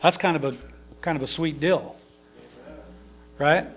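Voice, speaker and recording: A man with a notably high voice gives a relaxed, conversational sermon. He reads a passage, then unpacks it in plain everyday words, with fillers and little asides as he goes. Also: measured pace. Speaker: preacher. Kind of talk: informal sermon.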